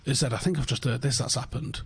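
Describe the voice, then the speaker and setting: A man's voice: mid-range voice, quick pace, gravelly, slightly rough. A man hosting a casual football podcast, swearing freely and acting out quoted conversations. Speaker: podcast host.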